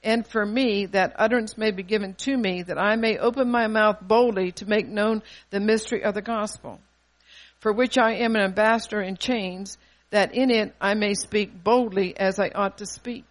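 Older preacher giving a bold sermon, quotes verses, keeps asking "are you listening" type questions, mid pitch. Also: steady tone, moderate pace. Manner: emphatic, scripture-quoting, rhetorical questions.

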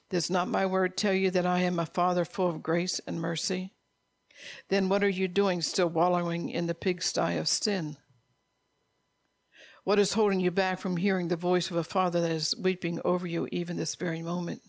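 Middle-aged preacher with a rough, fry-laden voice, informal sermon, repetitive and scolding. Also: medium pitch, level tone, normal speed, no room sound.

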